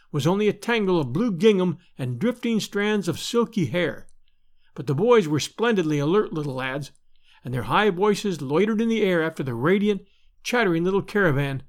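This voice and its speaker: Man, storybook narrator, fairly high voice, lively animated pitch. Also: moderate pace. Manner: expressive, gently voicing characters. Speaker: narrator and podcast host.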